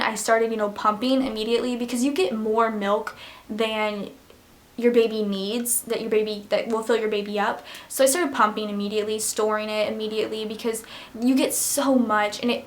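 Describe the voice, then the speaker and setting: A young woman talks to the camera in a loose, rambling way, her voice sitting a touch high. She leans on "like" and "um" as she goes, open and emotional, close to tears at moments. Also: a bit bright. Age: young adult. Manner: rambling, heavy use of "like" and "um"; emotional, near tears at times. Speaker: vlogger. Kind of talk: casual chat to camera.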